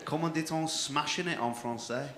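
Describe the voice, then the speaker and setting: A young man with a North-West English accent doing loud, sweary crowd-work banter as a comedy club compere. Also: fairly high pitch, moderate pace. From England. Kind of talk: live stand-up crowd work. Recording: echoey club room with crowd noise.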